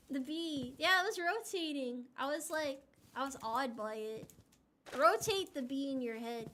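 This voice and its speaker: Bright, high-pitched playful woman streamer. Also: animated, a little slow. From United States. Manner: playful, giggly, chatty, reads out chat. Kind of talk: casual live-stream chat while gaming.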